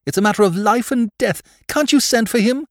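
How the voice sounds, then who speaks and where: A man voicing a distraught young aristocratic woman in an audiobook, pleading in high, near-hysterical cries. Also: expressive, moderate pace, darkish tone, dry recording, studio quality, close to an everyday voice. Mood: frantic. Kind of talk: audiobook character voice.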